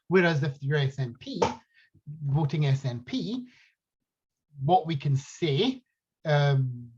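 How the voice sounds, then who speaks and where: A man with a husky voice gives political commentary as a podcast host. His delivery is emphatic and argumentative, and he waves off opposing claims dismissively. The recording is dull and lo-fi. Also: a little high.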